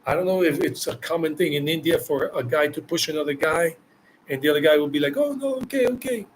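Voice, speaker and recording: A man's voice: on the high side, fairly even intonation, quick pace, a little hiss or hum, rough recording. A man from the United States, a travel vlogger answering viewer questions live, talking emphatically and repeating phrases for stress. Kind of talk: live Q&A chat.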